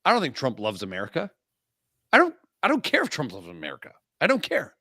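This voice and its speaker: Animated, bright-voiced man riffing crudely. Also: medium pitch, dry recording, clean studio sound. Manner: provocative, profane, joking, fast-shifting emphasis. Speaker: podcast co-host. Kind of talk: crude joking podcast banter.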